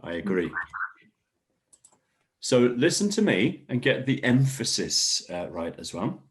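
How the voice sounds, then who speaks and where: A man teaching an online English workshop, encouraging learners and modeling sentences with clear stress. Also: medium pitch, big pitch swings, slow. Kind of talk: online class instruction.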